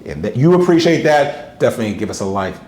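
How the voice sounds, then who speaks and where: A man's voice: mid-range voice, sing-song, fast, a little mellow. An enthusiastic man hosts an interview podcast, hyping his guest and cheering him on. His voice sits in a middle register. The room around him adds a noticeable echo. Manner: effusive, hypes the guest. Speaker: podcast host.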